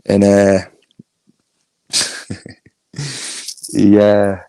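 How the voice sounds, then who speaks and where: Gravelly-voiced Northern English man streaming. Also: fairly low pitch, steady tone, extremely slow, warm tone, dry recording. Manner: chatty, laughs often, reads chat aloud. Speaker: YouTube streamer. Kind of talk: casual live-stream chat.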